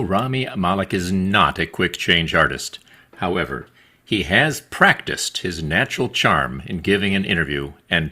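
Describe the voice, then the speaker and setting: A man's voice: deep voice, sharp tone. A man narrating a speaking practice video and explaining the point of each clip. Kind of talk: read-out narration.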